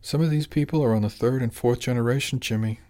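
A man's voice: medium pitch, quick pace, mellow, close to an everyday voice. A man voicing a blunt, slangy male animal who manages a fishing fleet, pressing his point in an audiobook.

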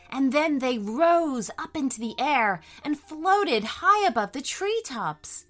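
Animated, bright-voiced woman storyteller. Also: high-pitched, slow, hardly any pauses, soft background music. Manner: warm, animated, addresses kids directly. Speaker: children's story podcast host and narrator. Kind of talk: storybook narration for kids.

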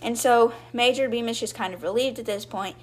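A woman's voice: fairly high pitch, a little fast. A young woman hosting a podcast, casually retelling a book's chapters and briefly voicing the characters' lines. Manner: chatty, acts out quotes in brief voices. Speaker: podcast host retelling a book. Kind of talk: casual storybook recap.

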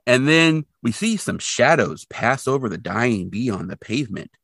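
Animated man recapping a show. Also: mid-range voice, moderate pace, husky, dry recording, clean studio sound. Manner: animated storytelling with sound effects and playful asides. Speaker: podcast co-host. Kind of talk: casual episode recap chat.

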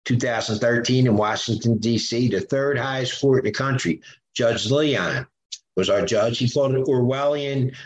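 Older man, roomy sound. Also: mid-range voice. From Philadelphia, USA. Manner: animated, acts out quoted voices, frequent fillers. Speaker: podcast guest. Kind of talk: conversational storytelling.

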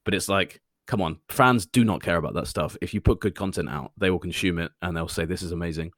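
English man, podcast co-host, low voice, dry close sound, playful and self-mocking. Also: fast, dry recording. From England. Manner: animated, self-mocking, laughs at own jokes. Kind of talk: casual chat.

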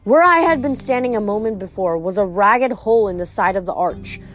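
A woman's voice: medium pitch, lively intonation, a little fast, soft background music. A woman reading a novel aloud chapter by chapter, with small slips and restarts. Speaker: reader of a novel.

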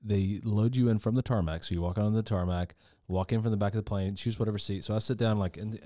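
A man's voice: fairly low pitch, fairly even intonation, fast, mellow, no echo, studio quality. A man from the American South telling a rambling, profane story on a podcast, slipping into the voices of the people he met. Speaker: podcast guest. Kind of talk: casual storytelling.

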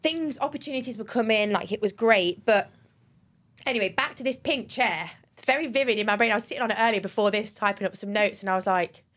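A young woman, co-hosting a podcast and telling a personal story in a chatty, animated way, full of laughs and the odd swear word. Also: mid-range voice, fast talker. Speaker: podcast co-host. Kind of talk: casual chat.

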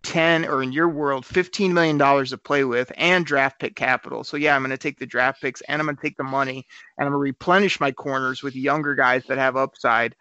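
Fast-talking man hosting sports radio. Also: mid-range voice, fairly even intonation, bright, forceful tone, no echo. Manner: argumentative, rapid, trips over repeated words. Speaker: sports talk show host. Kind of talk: casual sports radio chat. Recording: slightly dull lo-fi sound.

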